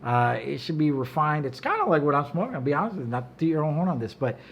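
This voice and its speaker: A man's voice: fairly high pitch, quick pace, creaky, slight background noise. Blunt, profane middle-aged man. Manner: blunt and profane, animated storytelling. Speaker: cigar maker and guest. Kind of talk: casual chat. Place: office.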